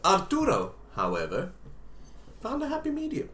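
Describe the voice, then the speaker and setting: A man's voice: high-pitched, huge pitch swings, moderate pace, a bit bright, slight background noise. Guy rambling through a funny story on a podcast, lots of ums, echoey room. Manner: rambling, lots of fillers and restarts, jokey asides. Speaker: podcast co-host. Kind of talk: casual comedic storytelling. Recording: roomy echo.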